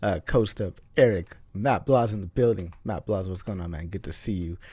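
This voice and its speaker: A man's voice: low-pitched, moderate pace, warm tone, breathy edge, no echo. A man hosting a casual online group chat, laid-back and peppering his talk with "man". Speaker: host.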